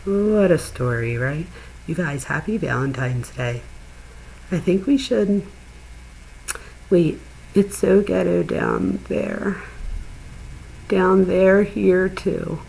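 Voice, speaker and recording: A middle-aged woman with a low, gravelly voice and a husky edge, telling a story to her viewers. Her delivery is chatty and animated, loose and full of laughter, like a host talking straight to her audience. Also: slow pace, long pauses, poor audio. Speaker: true crime channel host.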